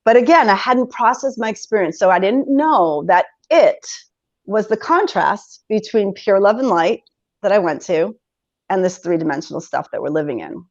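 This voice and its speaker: A lively woman in her forties shares a personal story as a podcast guest, breaking into laughter and playing out her own old reactions. Her voice sits at a middle pitch. The sound is dull and lo-fi, with a dry room. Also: moderate pace, dry recording. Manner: animated, laughs often, acts out her own past reactions.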